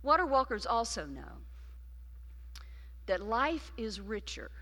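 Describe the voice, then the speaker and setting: A woman preacher delivering a sermon, swinging between loud emphasis and hushed, intimate passages. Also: fairly high pitch, very animated, slow pace. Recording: long reverb of a large hall.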